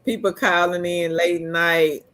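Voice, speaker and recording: A woman's voice: on the low side, measured pace. A woman co-hosting a casual livestream chat about remote work, telling stories and laughing often. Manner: laughs a lot while telling stories, animated. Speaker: co-host of a work-from-home jobs channel.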